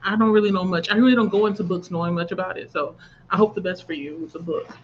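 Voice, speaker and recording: A woman's voice: fairly low pitch, fairly even intonation, quick pace, dull audio, a little hiss or hum. A woman hosting a book channel livestream, chatting casually, reading viewer comments aloud and laughing often.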